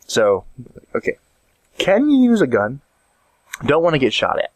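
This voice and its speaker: A male vlogger in a rambling, jokey monologue that swings up and down in pitch. He sits close to the mic in a dry room with no echo. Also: wildly swooping pitch, a little slow, pauses often. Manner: rambling, jokey storytelling with many restarts. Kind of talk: casual comedic monologue.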